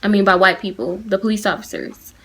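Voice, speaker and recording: A woman's voice: medium pitch, a little fast, fairly bright tone, husky. Teen girl vlogging on her phone, earnest and fired up, talking right to her viewers. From Atlanta, United States. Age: teenager. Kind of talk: casual opinion vlog. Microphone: phone camera.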